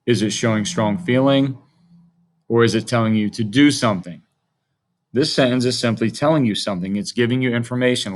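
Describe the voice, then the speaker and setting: A man's voice: medium pitch, fairly quick. A man teaching a grammar lesson to young children, speaking in a patient, friendly way.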